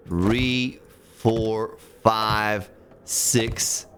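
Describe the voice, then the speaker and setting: A man's voice: fairly low pitch, steady tone, extremely slow, fairly bright tone, slight background noise. A man streaming a building game, counting blocks aloud, chatting with viewers and grumbling at the game as he plays. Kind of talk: casual live-stream gameplay commentary.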